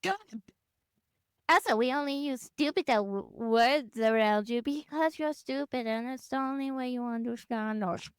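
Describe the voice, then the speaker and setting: A woman's voice: fairly high pitch, moderate pace, clear, resonant tone, no echo, clean studio sound. A young woman co-hosting a podcast in casual chat, blunt and rambling, swearing freely. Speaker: podcast co-host.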